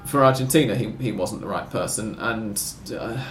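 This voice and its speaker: A man's voice: on the low side, normal speed, roomy sound, slight background noise. A man hosting a casual football podcast, talking in long rambling sentences with wry self-corrections. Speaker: podcast host.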